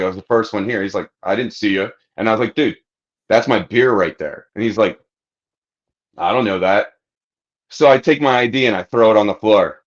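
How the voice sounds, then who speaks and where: On a lo-fi recording, a man with a fairly low voice hosts a podcast and delivers a long, profane anecdote in casual conversation, dramatizing people's words along the way.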